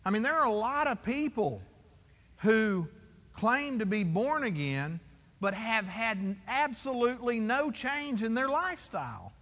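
Very high-voiced male preacher, echoing hall. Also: big pitch swings, unhurried, a bit bright. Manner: emphatic, rhetorical questions to the congregation. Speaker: pastor. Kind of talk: sermon. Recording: long hall reverb.

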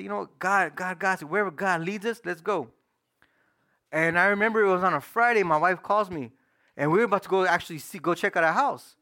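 A middle-aged man preaching a personal testimony in casual, slang-filled storytelling that swings between loud and hushed. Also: sits high. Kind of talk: sermon testimony.

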